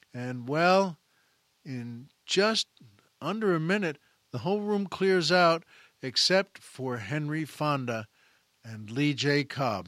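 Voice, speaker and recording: A man retelling a film scene as a story, animated, acting out the characters' quoted lines. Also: on the high side, no room sound, studio quality. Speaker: film commentator.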